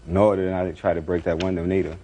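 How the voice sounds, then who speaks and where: A man's voice: deep voice, level tone, quick pace, warm tone, slight background noise. A man testifying as a defendant in a TV courtroom, rambling and repeating himself as he retells events.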